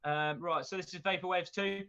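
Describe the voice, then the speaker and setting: A man's voice: sits high, fairly even intonation, moderate pace, pushed and bright. Joking man on a lo-fi podcast. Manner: joking, rambling, swears freely, laughs often. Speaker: podcast co-host. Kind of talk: casual chat.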